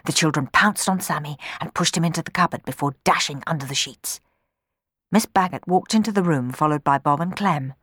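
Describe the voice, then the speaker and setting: A woman reading a children's storybook aloud in an expressive way, changing her voice for the characters. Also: sits low, a little fast, slightly rough, no room sound, clean studio sound.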